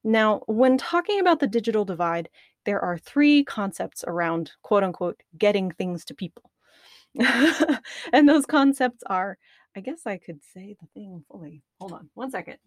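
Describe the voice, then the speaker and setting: A nervous woman podcast host talks between takes with a dry mouth, giggling and poking fun at her own stumbles. Her voice sits at a mid pitch and sounds close and dry on a studio mic, with no room around it. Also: animated, unhurried, no echo. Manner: self-deprecating, giggly, restarts often. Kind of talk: casual recording outtakes, self-commentary. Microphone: studio microphone at a computer.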